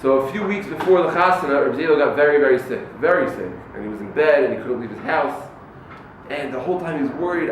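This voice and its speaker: A man delivers a brisk, animated talk to a yeshiva audience, slipping into the voices of the people in his stories. His voice sits a little high for a man. The recording is roomy and distant, with a faint hiss in the background. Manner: animated storyteller acting out quoted people. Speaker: yeshiva rabbi giving a talk to students. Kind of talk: lively sermon with told stories. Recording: echoey room, mic far off, faint noise.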